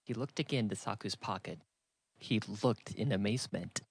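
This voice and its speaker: A man's voice: lowish voice, normal speed, creaky, slightly rough, no echo. Dry, close male audiobook narrator. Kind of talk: scripted narration.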